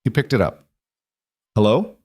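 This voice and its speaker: Low male storyteller, steady reading, dry booth sound. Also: normal speed, no room sound. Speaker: narrator. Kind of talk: scripted story narration.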